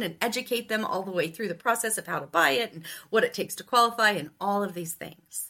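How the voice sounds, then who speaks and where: A woman's voice: medium pitch, fast, hardly any pauses. A middle-aged woman from Ohio, a sales coach telling stories in an interview and acting out the dialogue. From Ohio, US Midwest. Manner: animated storyteller who acts out quoted dialogue. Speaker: sales coach and podcast guest. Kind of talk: casual interview storytelling.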